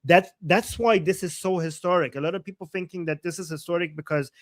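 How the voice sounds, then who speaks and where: A man's voice: sits high, fairly even intonation, fairly quick, no echo, clean studio sound. A man from Iran, a livestream guest, speaking emphatically and repeating his key points. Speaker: guest, channel owner. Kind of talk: livestream conversation.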